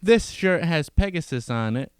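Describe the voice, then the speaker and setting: A man co-hosting a podcast, chatting casually with a teasing, animated delivery on a close mic. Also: moderate pace, smooth, dry recording. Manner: animated teasing, jumps in pitch when excited. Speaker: podcast co-host. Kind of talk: casual chat.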